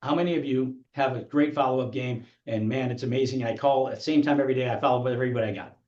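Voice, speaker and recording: A man's voice: medium pitch, darkish tone. A man coaching real estate agents in a motivational training talk, firing rhetorical questions at the audience and acting out clients. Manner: rapid-fire rhetorical questions, acts out clients. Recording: echoey, dull room sound.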